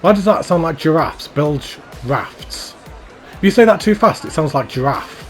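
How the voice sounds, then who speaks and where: A man's voice: fairly high pitch, expressive, a little fast, faint music behind. A man giving casual, enthusiastic commentary while touring a theme park in a video game, rambling and repeating his praise. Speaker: YouTuber touring a fan-built theme park.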